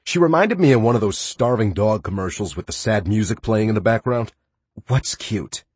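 A man's voice: lowish voice, expressive, brisk, darkish tone, husky, dry recording. A man giving first-person audiobook narration in a sarcastic, playful and brash manner.

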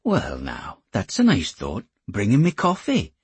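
A man voicing a playful male commando who teases gently. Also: fairly low pitch, huge pitch swings, measured pace, slightly rough, no echo, full character voice. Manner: gentle, teasing.

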